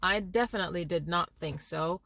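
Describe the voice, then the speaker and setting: A woman's voice: fairly low pitch, fairly quick, vocal fry, no echo. A woman who works as an interpreter gives an educational talk to camera, changing her tone to show her points. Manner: expressive, shifts tone to illustrate points. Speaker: interpreter and language teacher.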